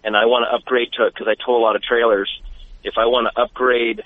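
A man's voice: mid-range voice, little pitch movement, quick pace. A man calling into a radio show, asking his questions politely and a little hesitantly. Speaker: caller. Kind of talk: phone-in question. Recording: phone line.

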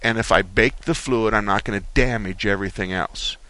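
A man hosting a call-in car repair radio show, explaining things slowly and folksily with frequent restarts. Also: lowish voice, pushed and bright, no room sound.

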